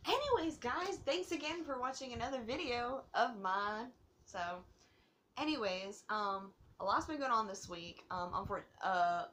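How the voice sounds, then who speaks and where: A woman's voice: a little high, sharp tone. A woman hosting her own movie review vlog, rambling and gushing with giggles, a bit tipsy from drinking. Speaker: host of a movie review channel.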